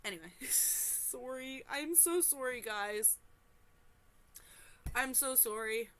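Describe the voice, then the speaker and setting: A woman hosting a reaction channel, reading a forum story aloud and breaking off into animated, exclaiming, apologetic asides. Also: high voice, takes it slowly.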